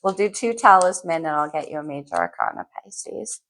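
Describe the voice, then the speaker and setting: A woman's voice: lowish voice, lively intonation, a little fast, a bit bright. A woman giving a casual tarot reading to camera, chatty and a little scattered, thinking aloud as she pulls cards. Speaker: tarot reader.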